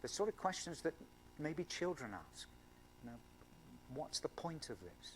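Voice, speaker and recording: A man's voice: fairly high pitch, big pitch swings, a little slow, long pauses, slight background noise. A man, a scientist giving an earnest public lecture at a university event. He explains with everyday examples and stresses key words. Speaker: scientist giving an evening talk to a student Christian group.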